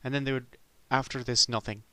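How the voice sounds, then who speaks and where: A man's voice: mid-range voice, steady tone, a little fast, sharp tone, dry recording. A middle-aged man from Ireland delivering a sardonic, rambling comic monologue as a podcast host.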